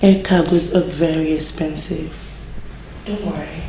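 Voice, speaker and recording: An actress with a Nigerian accent playing a wealthy young woman who calmly reassures the king in a film. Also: sits low, measured pace, background noise. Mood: soothing. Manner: soothing, reassuring. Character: wealthy young woman, the king's caring lover. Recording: echoey room with music behind.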